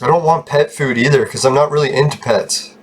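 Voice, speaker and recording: Husky swearing gaming guy. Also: on the high side, brisk. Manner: rambling, swears often, laughs at own stories. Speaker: gaming YouTuber. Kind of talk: casual gameplay commentary with stories.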